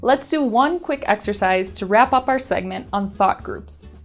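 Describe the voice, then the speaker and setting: A woman narrates a language lesson in a clear, explanatory, evenly paced way. Her voice sits at an ordinary middle pitch, with soft background music under it. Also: lively intonation, unhurried. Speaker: teacher and narrator.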